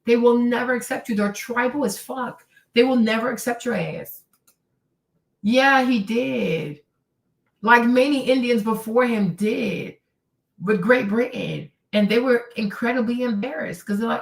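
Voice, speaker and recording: A woman's voice: fairly high pitch, a little slow, gravelly, echoey room, distant mic. A woman hosting her own stream, ranting in casual commentary, sarcastic and profane, often mimicking people she talks about. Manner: heated, sarcastic, profane, mimics others in quotes. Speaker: streamer host.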